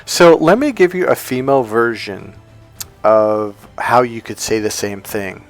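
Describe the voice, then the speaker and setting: A man coaching on dating, telling a story in an animated, emphatic casual monologue. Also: mid-range voice, a little slow, no room sound, soft background music.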